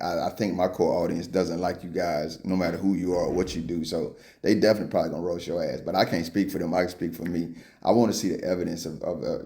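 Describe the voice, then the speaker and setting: Deep gravelly man reacting bluntly. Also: dark tone. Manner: blunt, slangy, talks straight to the accused. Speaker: copwatch commentator. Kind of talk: casual reaction commentary.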